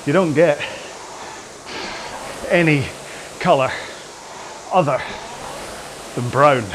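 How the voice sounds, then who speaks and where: A man's voice: a little high, extremely slow, pauses often, background noise. A man hosting a rowing workout from his home garage, chatting casually in a rambling, jokey and self-deprecating way during the cool-down.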